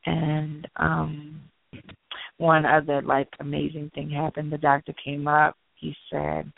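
Gravelly-voiced woman on a phone line. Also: sits low, slow pace, no room sound. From Annapolis, Maryland. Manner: animated, acts out dialogue. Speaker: guest. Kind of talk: personal storytelling in an interview. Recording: tinny phone-line sound.

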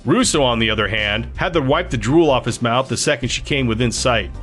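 A man narrating a novel in a steady, even storytelling manner. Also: medium pitch, a little fast, faint music behind. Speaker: audiobook narrator. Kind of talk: scripted narration.

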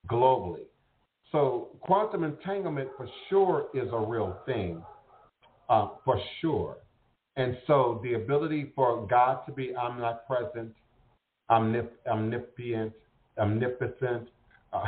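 Rambling man on a tinny, echoey line. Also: mid-range voice. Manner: rambling, repeats words while searching. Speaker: host. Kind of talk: casual spiritual talk. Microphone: internet radio call. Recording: tinny phone-like audio in an echoey room.

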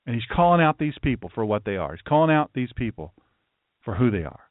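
Emphatic preacher-host on a tinny line. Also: male voice, mid-range voice, sing-song, fast talker, no echo. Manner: emphatic, ranting, storytelling. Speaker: host, pastor. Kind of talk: political talk show monologue. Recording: tinny phone-like line, dry.

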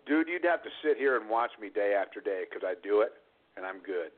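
A man's voice: fairly low pitch, animated, fairly quick. A man co-hosting a talk show who argues bluntly and combatively and keeps calling people dude. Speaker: co-host. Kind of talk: heated debate on a call-in show. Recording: tinny phone line.

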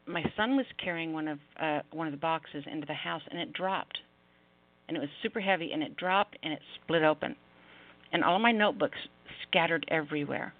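A woman hosting an online radio show, chatting casually and telling stories. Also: sits low. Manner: chatty, storytelling. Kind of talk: casual chat. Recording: tinny phone line with hum.

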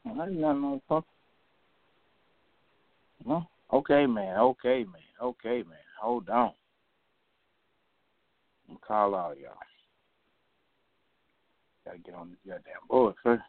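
A man's voice: mid-range voice, expressive, a little slow, pauses often, no room sound. A man hosting an open phone line, ranting and cursing at callers in a combative, repetitive way. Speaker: phone-line talk show host.

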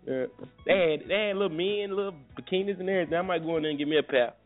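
A man hosting a morning talk show, telling crude, joking stories in a fairly high voice. His voice comes through a tinny, phone-like line with faint music underneath. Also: racing. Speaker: radio show host. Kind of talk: casual morning show chat.

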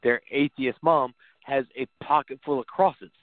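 A man's voice: medium pitch, unhurried, no echo. A man co-hosting a casual horror film podcast, talking loosely and chuckling as he goes. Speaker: podcast co-host. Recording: dry phone-like sound.

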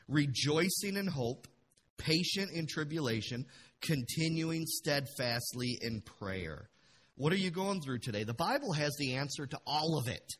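A man pastor preaching a passionate sermon in a church, dropping to a hush and then rising to loud bursts. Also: on the high side, slight background noise. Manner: passionate, swings from hushed to loud.

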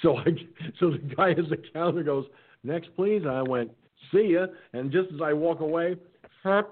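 A man's voice: a little high, a little fast. A middle-aged man hosting an online radio talk show, telling a funny story in casual chat and acting out the other people's voices. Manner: animated anecdote-telling, acting out quotes. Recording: tinny phone-like line.

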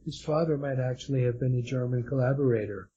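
Husky, dark-voiced man, hesitant. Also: mid-range voice, fast. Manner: hesitant, stumbling restarts and fillers. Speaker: guest author. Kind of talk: conversational interview. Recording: dull lo-fi audio.

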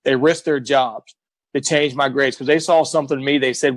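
A man's voice: mid-range voice, fairly even intonation, a little fast, no echo, poor audio. A middle-aged American man, a guest, telling his life story earnestly and with emphasis, acting out the voices of people he quotes. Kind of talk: emotional personal storytelling.

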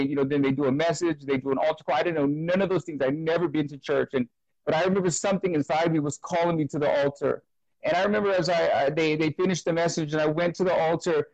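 A man giving an emotional personal testimony as an interview guest, talking earnestly and haltingly, often repeating words and restarting. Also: on the high side, a little mellow, no echo, dull audio.

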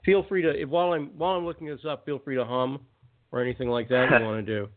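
A man hosting a call-in talk radio show, ranting casually with quick asides. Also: medium pitch, steady tone. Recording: phone-like narrow band audio.

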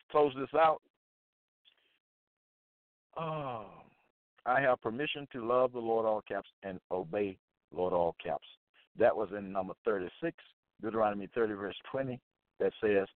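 A man preaching and reading Bible verses aloud, repeating phrases emphatically and deliberately. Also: medium pitch, no echo. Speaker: Bible teacher. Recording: dry tinny phone-like sound.

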